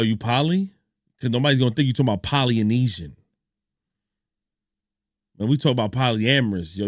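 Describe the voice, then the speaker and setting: A man's voice: medium pitch, dry recording. A young man streams his reaction in loose, slangy talk, full of asides and laughter. His voice sits in a middle range and sounds dry and close to the mic. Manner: animated storytelling, slangy, laughs a lot. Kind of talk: casual reaction stream chat.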